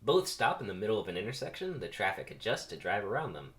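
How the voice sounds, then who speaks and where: A man's voice: lowish voice, big pitch swings, fast talker, fairly bright tone. A man casually reading stage directions aloud on a first, unrehearsed read. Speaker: script reader.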